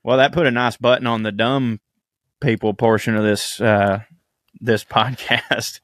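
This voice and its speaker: A man from the Southern United States with a Southern accent, co-hosting a podcast with quick, jokey remarks. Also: medium pitch, fairly even intonation, a bit bright, no room sound, studio quality. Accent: Southern American. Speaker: podcast co-host.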